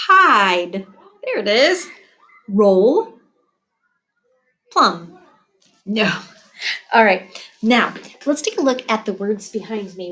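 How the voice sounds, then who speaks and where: A woman teaching young children to read, stretching and sounding out each word at a slow, patient pace. Her voice sits at an ordinary middle pitch and stays clear and unhurried. She repeats every word carefully so the class can follow. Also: sharp tone, poor audio. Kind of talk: early reading phonics lesson.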